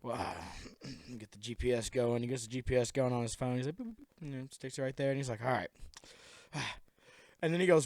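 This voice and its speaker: Lively young man telling a rambling story. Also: mid-range voice, a little fast, slight background noise. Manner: rambling, laughing, acts out quotes in silly voices. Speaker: podcast co-host. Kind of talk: casual chat, storytelling.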